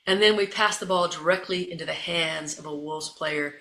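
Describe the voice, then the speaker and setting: A middle-aged woman, a guest speaker and coach, telling a story in a lively, animated way and talking to listeners as "folks". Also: sits low, normal speed. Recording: roomy echo.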